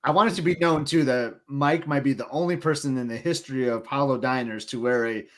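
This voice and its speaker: A man's voice: mid-range voice, fairly quick, a bit bright. A man co-hosting a podcast, talking in an enthusiastic, rambling casual chat. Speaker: podcast co-host.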